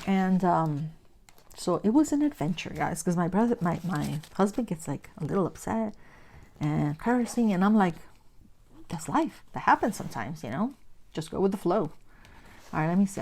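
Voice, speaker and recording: A middle-aged woman vlogger telling a story while she crafts, acting out what people said in animated bursts. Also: on the low side. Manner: animated storyteller, acts out quotes.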